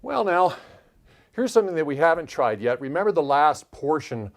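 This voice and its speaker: A man hosting a puzzle channel, thinking aloud as he calls out letters and clue numbers in a measured solve-along walkthrough. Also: a little high, very animated. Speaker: puzzle-solving channel host.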